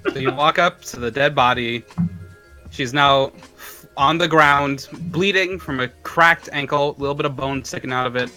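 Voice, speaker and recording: A man narrating a tabletop game as game master in a relaxed, laughing way. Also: medium pitch, moderate pace, faint music behind.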